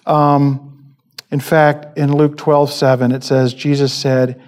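A man's voice: medium pitch, little pitch movement, slow, a little mellow. Hesitant man preaching a casual sermon. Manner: informal, many ums and restarts.

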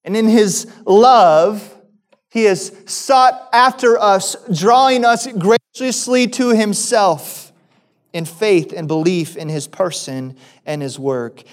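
A male pastor delivering a sermon at a slow, deliberate pace. His voice sits high for a man, and he keeps stopping to ask his listeners questions. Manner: deliberate preaching with rhetorical questions.

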